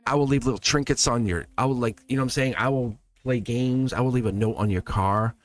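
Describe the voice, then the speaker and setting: A man's voice: mid-range voice, fairly quick. Rambling, emphatic male tarot reader. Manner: rambling and emphatic, repeating words with frequent laughs. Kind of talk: live-stream tarot reading.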